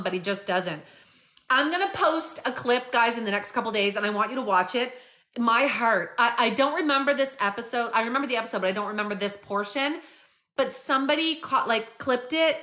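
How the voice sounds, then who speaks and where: A woman hosting a live stream, chatting casually and retelling a story with lots of fillers and animated asides. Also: fairly high pitch. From Canada.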